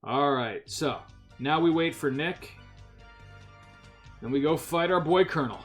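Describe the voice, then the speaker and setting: A let's play host with a fairly high, expressive voice hosts a casual video game playthrough at an unhurried pace. He swears and laughs easily while playing, with soft music in the background.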